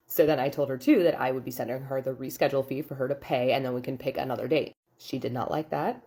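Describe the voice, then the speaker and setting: A woman's voice: a bass voice, fairly even intonation, fast talker, few pauses, warm tone, husky. A young woman, a boudoir photographer, telling a client story casually, full of "like" fillers and exasperation. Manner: chatty, lots of "like" fillers, exasperated. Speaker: boudoir photographer and studio owner.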